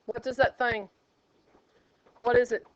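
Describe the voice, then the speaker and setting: A woman's voice: on the high side, flat delivery, a little slow, dry recording. A woman math teacher, teaching a classroom and joking with her students. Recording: dull lo-fi classroom recording.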